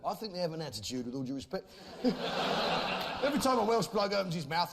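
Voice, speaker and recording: A man doing a brash, swaggering stand-up routine. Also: high voice. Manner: brash, swaggering, mock-patriotic. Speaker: stand-up comedian. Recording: noisy live recording.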